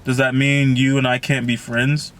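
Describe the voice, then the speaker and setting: A man reading the lines of a calm, matter-of-fact teenage boy from a novel. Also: medium pitch, normal speed, far from the mic, close to an everyday voice.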